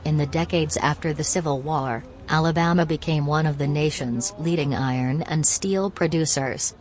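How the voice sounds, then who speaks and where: A low-voiced woman hosts the show in a dry, matter-of-fact way. She reads facts plainly, with a faint hiss of noise behind her. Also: moderate pace, darkish tone. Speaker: host.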